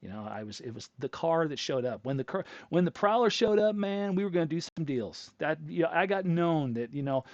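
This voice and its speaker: A man's voice: fairly high pitch, animated, brisk, few pauses, a little mellow, no room sound. A middle-aged man hosting a show, telling a long personal story in a casual, rambling way that circles back on itself. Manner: rambling, chatty, self-interrupting storyteller. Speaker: host. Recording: dull lo-fi dry recording.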